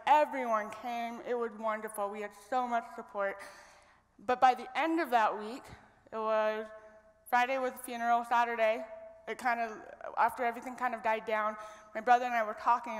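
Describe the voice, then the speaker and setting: Young woman, from Idaho, earnest storyteller, slightly high voice, long echo of a big hall. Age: young adult. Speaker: guest speaker at a women's event. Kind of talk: personal story told on stage. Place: stage in a large hall. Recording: long reverb of a large hall.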